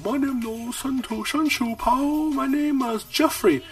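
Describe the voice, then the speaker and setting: A man's voice: very high-pitched, unhurried, far from the mic, faint music behind, pitched above the performer's own voice. A man voicing a flustered male bank teller who keeps correcting how his name is said. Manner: protesting, insistent.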